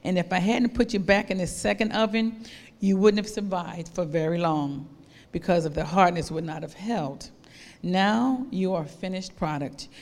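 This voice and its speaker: Patient old potter, low and even, in a reverberant hall, read by a woman preacher. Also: normal speed, lightly acted. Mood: reassuring.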